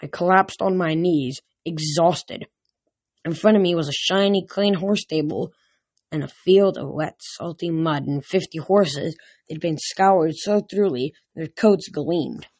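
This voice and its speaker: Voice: mid-range voice, a little slow, darkish tone, no echo. Close, dry storybook reader. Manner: plain reading with small slips and restarts. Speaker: audiobook reader. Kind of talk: storybook narration read aloud.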